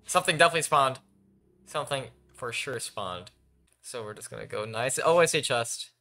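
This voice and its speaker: Here a young man provides let's play commentary on his Minecraft game, addressing both himself and viewers and letting out yelps when frightened, jumpy as a gaming YouTuber can be. His mid-range voice is bright and forceful, and he talks fairly quickly.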